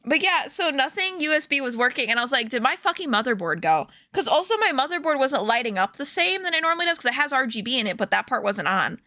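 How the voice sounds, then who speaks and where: Bright-voiced young woman chatting on stream. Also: high-pitched, very animated, fast talker, few pauses, no echo, clean studio sound. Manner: chatty, rambling storytelling with many fillers and laughs. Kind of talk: casual chat to stream viewers. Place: home room.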